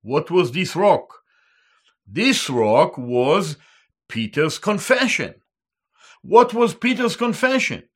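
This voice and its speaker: Slow, lively-pitched preaching man. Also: slightly rough. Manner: slow, emphatic, repeats each term in Hebrew and English. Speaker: Bible teacher. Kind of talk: sermon.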